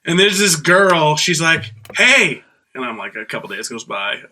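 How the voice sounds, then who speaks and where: A man with a high voice and a very bright, sharp tone co-hosts a podcast. He trades jokes and tells a profane anecdote in loose banter. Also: very animated, normal speed. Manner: joking, profane anecdote teller. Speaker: podcast co-host. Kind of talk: casual chat.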